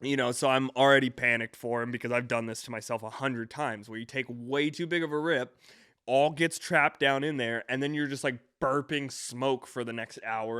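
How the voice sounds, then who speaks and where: Rambling, profane young man, smooth voice. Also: mid-range voice, fairly bright tone, dry recording, clean studio sound. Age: 20s. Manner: rambling, profane, self-correcting storyteller. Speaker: podcast host. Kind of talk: casual storytelling monologue.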